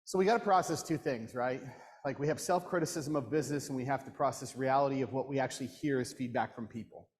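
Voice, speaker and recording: A man explaining a framework to a workshop audience in a measured way, checking in with the room. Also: medium pitch, darkish tone. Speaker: workshop guest speaker. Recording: long hall reverb, live room.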